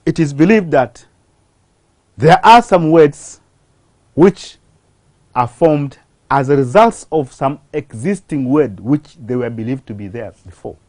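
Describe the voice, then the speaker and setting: A teacher walks through a grammar lesson at an unhurried pace. The voice rises and falls a lot, and it often pauses on questions to the class. The sound is close and dry, with no room around it. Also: mid-range voice, animated, a little mellow, no echo. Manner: slow, deliberate, asks rhetorical questions. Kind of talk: televised English grammar lesson.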